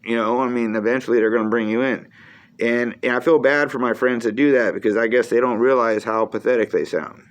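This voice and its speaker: A man's voice: medium pitch, fairly even intonation, fairly quick. A middle-aged American man hosting his own show in a blunt, rambling monologue, often restarting his words. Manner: blunt, plain-spoken, repeats and restarts words. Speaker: host of a solo video show.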